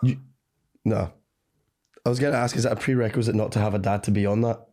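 A man's voice: lowish voice, steady tone, fast talker, a little mellow. A man co-hosting a podcast, dropping dry, crude wisecracks in casual banter. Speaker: podcast co-host.

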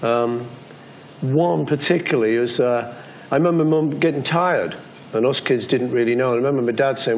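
A British man in his fifties, giving a reflective interview in a soft, halting, heartfelt way. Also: medium pitch, slight background noise. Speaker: interview guest. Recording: slightly dull archival interview audio.

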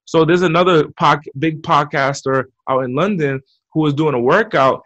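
A man giving motivational advice as a podcast guest, talking in an energetic coaching way with frequent repeats. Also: on the high side, moderate pace. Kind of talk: motivational interview talk. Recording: muffled lo-fi audio.

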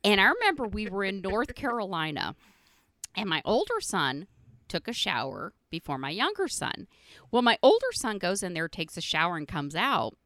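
A woman's voice: mid-range voice, very animated, moderate pace, a bit bright, dry recording. A middle-aged woman hosting her own podcast, telling stories in a blunt, profane way with frequent laughs. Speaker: podcast host. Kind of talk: casual storytelling monologue.

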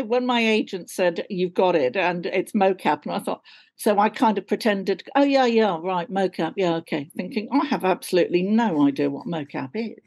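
A woman's voice: medium pitch, darkish tone. A woman talking on a video call as a guest actor. She laughs often and is chatty and self-deprecating. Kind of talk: casual interview chat.

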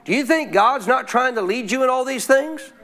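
High-voiced preacher with call-and-response. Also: male voice, normal speed, fairly bright tone. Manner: call-and-response, leaves blanks for the crowd to fill; emphatic, repeats key lines. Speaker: pastor. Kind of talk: sermon. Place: church service.

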